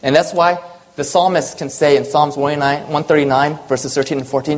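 An earnest preacher giving a personal sermon, moving between urgent, rising lines and hushed, quiet ones. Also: mid-range voice, fairly even intonation, brisk.

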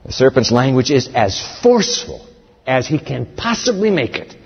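A man's voice: mid-range voice, big pitch swings, moderate pace, gravelly, breathy edge. A man preaching a sermon, emphatic and dramatic, speaking straight to the congregation. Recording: dull sound with long hall reverb.

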